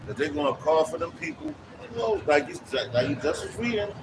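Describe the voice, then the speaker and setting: A man's voice: fairly high pitch, expressive, fairly quick, distant mic. A man preaching in an emphatic, slangy way during a street ministry discussion, often calling the listener "man" and "bro". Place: city street outdoors. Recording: loud street traffic, voice off-mic. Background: traffic noise.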